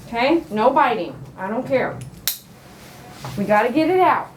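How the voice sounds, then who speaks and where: A woman dog groomer coaxes and scolds a dog while trimming it, then explains what she's doing in this grooming tutorial. Her voice is a little high, animated and unhurried. The recording sounds roomy, with a distant mic and electric clippers buzzing.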